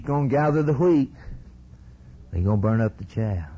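A man preaching a sermon, telling a story and swinging from low drawn-out lines to sudden high shouted peaks. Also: animated, slightly rough, muffled recording.

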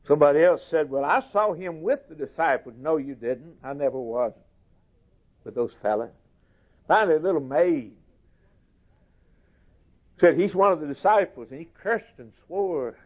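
A man preaching a sermon slowly and emphatically, lifting his voice for quoted scripture. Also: a little high, animated. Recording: tinny phone-like recording.

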